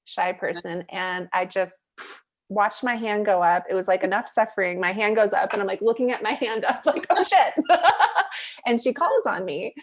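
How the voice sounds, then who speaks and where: A woman guest on a podcast interview, telling a candid personal story in an animated, chatty way full of "like" and "you know", laughing easily as she goes. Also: mid-range voice, normal speed. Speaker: guest, mindset coach and facilitator.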